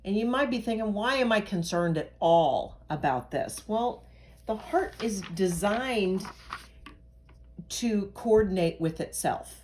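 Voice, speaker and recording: A woman's voice: medium pitch, expressive, slow pace, a little mellow, a little hiss or hum. A woman from Pennsylvania giving a recorded lecture as an instructor, talking in a conversational way with analogies and asides. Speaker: nursing instructor.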